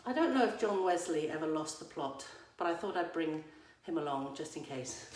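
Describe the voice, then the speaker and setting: A woman's voice: low voice, animated, moderate pace, a little mellow. An Englishwoman vlogging at home, talking to viewers through a phone camera held at arm's length, with playful, teacherly asides. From England. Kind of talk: casual chat to viewers. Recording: echoey room.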